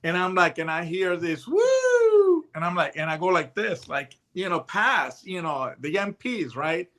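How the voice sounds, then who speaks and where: Guy in his late 50s telling war stories, high bright voice, jumps into voices for everyone. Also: normal speed. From United States. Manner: animated, full of restarts and voiced quotes. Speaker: guest, retired hostage negotiator. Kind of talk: casual storytelling.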